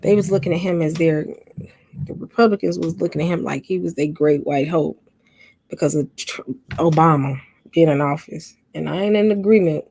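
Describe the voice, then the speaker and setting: A woman's voice: low voice, moderate pace, gravelly, mellow, breathy edge, no room sound. A middle-aged woman, chatting casually and sleepily to viewers on a late-night livestream. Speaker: livestream host.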